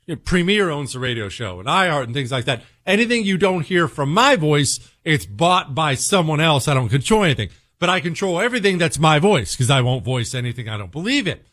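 Brisk and barely pausing, a talk radio host rattles off a sarcastic, opinionated monologue, animated and swinging his pitch to drive points home. There's no room sound, just clean studio audio.

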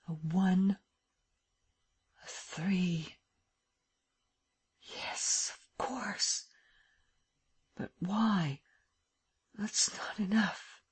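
A reader voicing a faltering exhausted gentleman thief. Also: medium pitch, steady tone, husky, voice pushed up, exaggerated voice. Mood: whispering. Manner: halting, strained, sinking into whispers. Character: weakened male master thief straining to think. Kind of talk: audiobook character reading.

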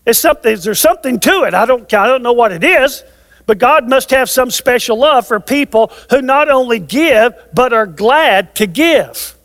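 A man's voice: extremely high pitch, lively intonation, normal speed, a bit bright. A man in his sixties preaching a sermon as a pastor, emphatic and repeating key phrases for stress, heard in a large church sanctuary. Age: 60s. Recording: long reverb of a large hall.

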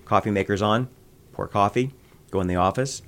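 A low-voiced man from the American Midwest chats in an interview. He tells stories with animated energy and jumps into quick voices now and then. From Midwest United States. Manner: animated storyteller, quick bursts of voices and laughter. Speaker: voice actor guest. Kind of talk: interview conversation.

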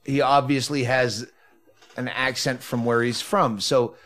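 A man's voice: medium pitch, steady tone, unhurried, fairly bright tone. A man hosting a podcast in casual chat at home, blunt and profane. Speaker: podcast host.

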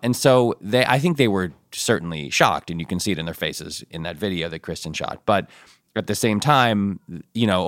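A man's voice: low-pitched, a bit bright, no room sound, studio quality. A man, a show creator, chatting as a guest in a thoughtful, restarting way. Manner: thoughtful, with many restarts and fillers. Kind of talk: casual interview chat.

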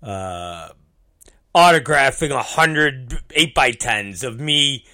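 A man talks at an unhurried, drawn-out pace in a bright, forceful voice. He rambles through a casual monologue, cursing freely and running himself down. His pitch sits in an ordinary middle range. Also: animated. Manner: rambling, swears freely, self-deprecating.

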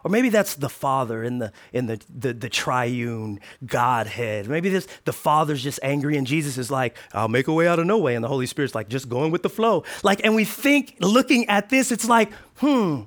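A man preaching a sermon as pastor, animated and playful, swinging from hushed asides to shouted lines. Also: medium pitch, normal speed, few pauses.

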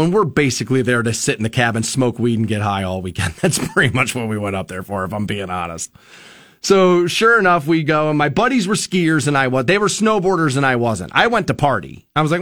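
Radio host, male, thirties, high and animated, chatty storyteller. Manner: animated, acts out quotes in loud bursts. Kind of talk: casual storytelling and commentary.

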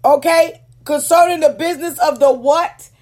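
A woman preaching a teaching sermon to ministers. She speaks emphatically, slows down to stress key words, and keeps checking in with "Okay?". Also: high voice, steady tone, darkish tone. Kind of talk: teaching sermon with scripture readings.

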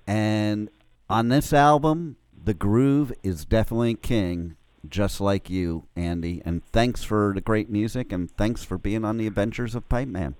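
A man's voice: lowish voice, measured pace, a little mellow, smooth, no room sound. A man hosting a radio interview show, upbeat as he wraps up and promotes his guest. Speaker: radio host.

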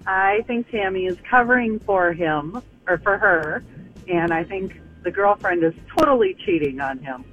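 A woman's voice: medium pitch, sing-song, normal speed, soft background music. Opinionated female caller on a phone line. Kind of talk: phone call to a radio show.

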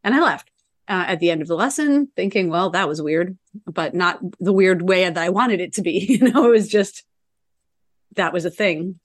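A woman's voice: lowish voice, lively intonation, normal speed, no room sound. A middle-aged woman telling a casual, chatty story, often saying "you know" and acting out quoted lines. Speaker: Reiki practitioner telling her story.

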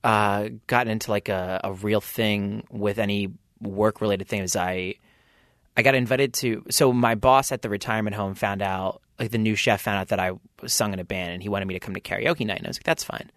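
A man's voice: lowish voice, steady tone, brisk, a bit bright, dry recording, clean studio sound. A man, a band's lead singer, telling rambling anecdotes as a podcast guest and acting out the people he quotes. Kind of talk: casual interview storytelling.

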